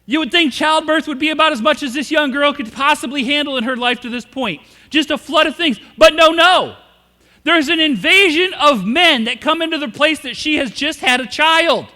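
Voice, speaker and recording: A male pastor with a very high, bright voice preaches a humorous storytelling sermon and asks his congregation questions. His voice rings out with a long reverb through the church sanctuary. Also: moderate pace. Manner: humorous storytelling, acts out quoted characters.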